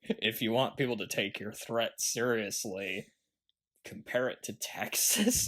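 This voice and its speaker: A man's voice: on the low side, takes it slowly, fairly bright tone. A man co-hosting a movie podcast in casual chat, laughing often and quoting film lines. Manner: laughs often, quotes lines, loose and rambling. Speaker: podcast co-host.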